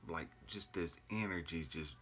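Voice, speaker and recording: A man telling an earnest, emotional personal story as a father, often dropping his voice to a hushed whisper. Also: low-pitched, moderate pace.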